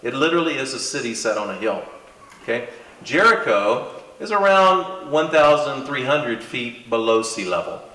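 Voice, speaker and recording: A man teaching a lecture in conversational, animated fashion, with asides and dramatic emphasis. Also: mid-range voice, moderate pace, reverberant, far from the mic, low-quality recording. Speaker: Bible teacher. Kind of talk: classroom lecture.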